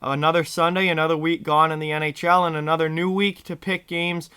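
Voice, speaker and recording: Hoarse male host, fairly high-pitched and bright, chatty casual picks talk to camera. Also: little pitch movement, brisk, dry recording. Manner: chatty and direct to viewers. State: hoarse from yelling. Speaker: sports picks show host.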